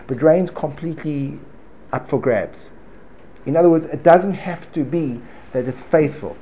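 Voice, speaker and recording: A man's voice: fairly high pitch, measured pace, mellow. A man teaching an informal Torah class to a live room, joking and digressive, often repeating himself. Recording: dull lo-fi recording with faint room noise.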